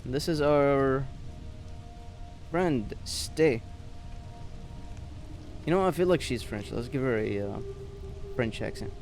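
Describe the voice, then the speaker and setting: A man's voice: medium pitch, animated, slow pace, long pauses, darkish tone, soft background music. A man hosting a let's play, chatting casually as he plays and reading game text aloud. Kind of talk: casual gameplay commentary.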